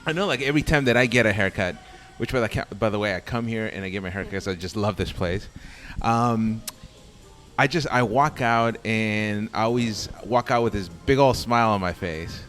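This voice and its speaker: A man hosts a relaxed interview in a barbershop and talks haltingly, often stumbling over and repeating his words. His voice sits on the low side. Faint music plays quietly behind him. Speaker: podcast host. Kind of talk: casual interview.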